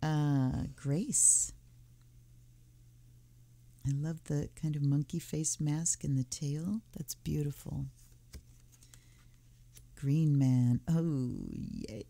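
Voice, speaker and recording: A woman's voice: low voice, fairly even intonation, drawn-out words, creaky, pauses often, dark tone. A woman hosting a tarot channel, thinking aloud in a casual, musing way as she unboxes and looks through a deck. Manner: musing, thinking aloud while flipping cards. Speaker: tarot reader and channel host.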